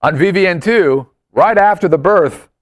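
A man's voice: high voice, normal speed, dry recording. A man hosting a casual chat show, joking around and rambling with self-mocking asides. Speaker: host.

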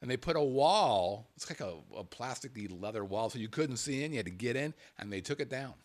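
A man hosting a casual show, chatting and reading viewer emails aloud with lively delivery. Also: medium pitch, fairly quick. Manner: animated, jumps into mock-angry voices when reading. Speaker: show host.

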